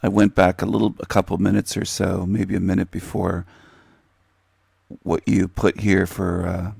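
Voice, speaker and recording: Deep-voiced male host, losing his voice a little, slow rambling chat, dry close sound. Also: flat delivery, vocal fry, darkish tone, slightly rough, dry recording. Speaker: host of a livestream channel. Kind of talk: casual commentary to viewers. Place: indoor room.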